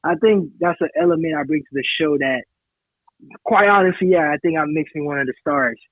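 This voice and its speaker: A man's voice: on the high side, a little fast, no echo. A man from Haiti, chatting casually as a podcast co-host and explaining things at length with self-assurance. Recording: tinny phone-like sound.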